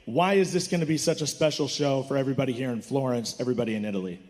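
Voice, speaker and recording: A man's voice: medium pitch, racing, darkish tone. A man hosting a fight press conference, hyping up each fighter in turn. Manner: upbeat, hypes the fighters. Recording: reverberant hall, faint crowd.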